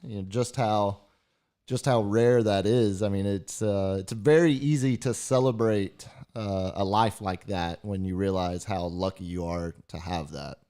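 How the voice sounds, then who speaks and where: A man's voice: lowish voice, a little slow, dark tone, smooth. A man co-hosting a podcast, talking in casual chat in a reflective, hesitant way with many fillers.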